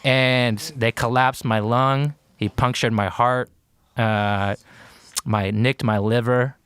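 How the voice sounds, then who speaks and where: A man's voice: medium pitch, steady tone, slow, a bit bright, clean tone. An American man, a podcast guest, telling a story in casual talk, acting out quotes and using many fillers. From United States. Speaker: podcast guest, war veteran.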